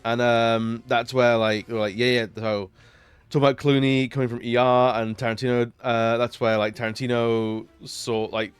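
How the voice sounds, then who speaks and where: A man's voice: mid-range voice, little pitch movement, normal speed, smooth, no echo, soft background music. Rambling, laid-back streamer guy. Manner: rambling, lots of fillers, laughs often. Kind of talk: casual chat while gaming on stream.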